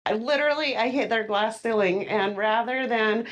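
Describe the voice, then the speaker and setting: A woman's voice: on the high side, moderate pace. Middle-aged female guest, earnest and sincere, casual conversation. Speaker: guest, insurance agent.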